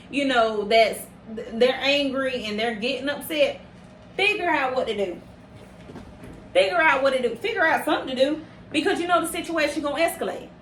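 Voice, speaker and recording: A woman with a high voice hosts a casual podcast, speaking emphatically and circling back on her phrases to drive each point home. She sounds worked up and passionate. The recording is roomy, with a faint hum of noise behind her. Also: a bit bright. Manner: emphatic, repeats phrases for stress, gets heated. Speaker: podcast host.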